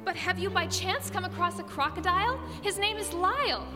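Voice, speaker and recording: A woman voicing an anxious, fussy lady who has lost her pet crocodile, pleading louder and higher as she panics. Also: expressive, a little fast. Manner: pleading, rising to frantic. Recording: long reverb with music behind.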